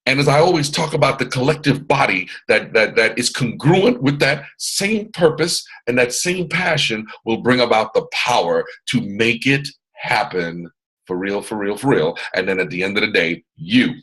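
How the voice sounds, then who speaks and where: A man's voice: mid-range voice, lively intonation, normal speed, hardly any pauses, a bit bright, husky, rough recording. A man leading a motivational training session on a video call, boisterous and strong in his delivery, repeating phrases like a preacher. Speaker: mentor hosting a training call.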